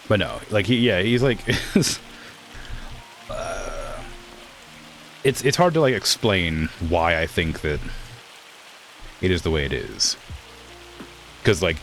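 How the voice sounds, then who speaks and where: A man's voice: sits low, a bit bright. A young man streaming a farming game and chatting casually, with a blunt, direct way of talking that stresses words hard and can sound accusatory. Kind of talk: casual gameplay commentary.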